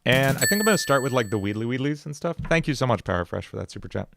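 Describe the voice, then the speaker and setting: A man's voice: mid-range voice, lively intonation, very fast, creaky, fairly bright tone. Rambling man hosting a music livestream. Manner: rambling, filler-heavy, laughs easily. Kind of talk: casual livestream chat.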